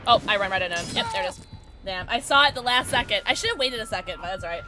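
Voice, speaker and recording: Woman streamer, high lively voice, chatty gameplay talk, noisy background. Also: very fast. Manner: chatty, reacts loudly, reads chat aloud. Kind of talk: casual gameplay livestream chat. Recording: steady background noise.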